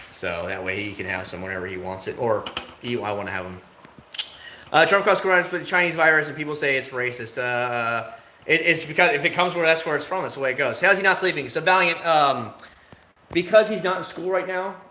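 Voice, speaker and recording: Chatty man streaming from a roomy home. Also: a little hiss or hum. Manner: rambling, chatty, with sudden loud, high bursts. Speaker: livestreamer. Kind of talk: casual livestream chat. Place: at home, indoors. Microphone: phone.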